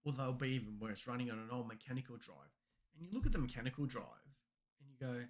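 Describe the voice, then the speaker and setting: A man's voice: mid-range voice, fast talker. Rambling man chatting tech. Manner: rambling, animated storytelling with acted-out quotes. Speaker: podcast co-host. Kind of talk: casual tech chat.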